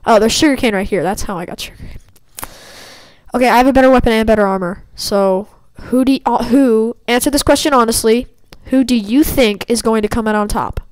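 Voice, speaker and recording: A woman's voice: fairly high pitch, fairly quick, dry recording, poor audio. A woman giving casual gaming commentary as she plays, trash-talking her opponents playfully. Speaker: gameplay commentator.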